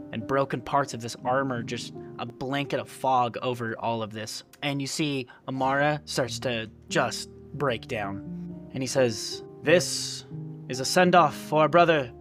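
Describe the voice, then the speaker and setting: A man's voice: mid-range voice, fairly even intonation, a little slow. Guy running a tabletop game, chill narration with ums, light music under it. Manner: casual, loose, full of fillers. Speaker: game master.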